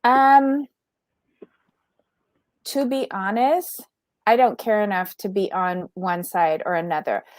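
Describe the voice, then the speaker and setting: A woman's voice: medium pitch, fairly even intonation, takes it slowly, long pauses, dry recording. A woman in casual podcast commentary, blunt and opinionated, with a mid-range voice. The sound is dry and close, with no room around it. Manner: frank, opinionated, laughs easily. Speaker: podcast co-host.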